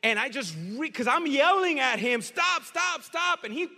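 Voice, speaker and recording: A bright, high-voiced male pastor preaching with lively storytelling energy and bursts of shouting. His voice rings out with a long hall reverb around it. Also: moderate pace. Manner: animated storytelling, shouts in places. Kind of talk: sermon.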